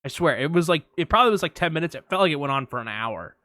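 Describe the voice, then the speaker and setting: A young man co-hosting a podcast, telling a long story in casual chat, animated, acting out quotes and swearing freely. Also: a little high, rapid-fire, no room sound. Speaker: podcast co-host.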